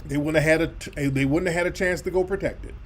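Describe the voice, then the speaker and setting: Blunt, high-voiced male commentator. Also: steady tone, quick pace. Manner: blunt, profane, mocking. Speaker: radio host. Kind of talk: commentary over played clips.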